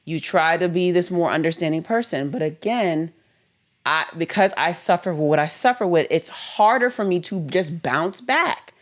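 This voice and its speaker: Low-voiced woman talking it through. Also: animated, moderate pace. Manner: earnest, quotes dialogue in acted voices. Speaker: podcast co-host. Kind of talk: candid couple's conversation.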